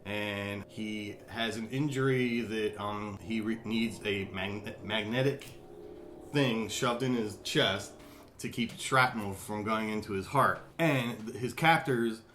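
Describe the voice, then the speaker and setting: A man hosting a podcast, chatting with a guest and reading a brisk recap. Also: lowish voice, a bit bright, a little hiss or hum. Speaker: podcast host. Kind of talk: casual podcast talk and scripted recap.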